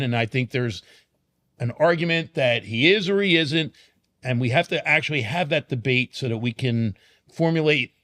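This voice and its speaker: Casting note: man, podcast guest, emphatic and argumentative, slows down to stress key points, mid-range voice. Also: mid-range voice, fairly bright tone. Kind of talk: casual podcast conversation.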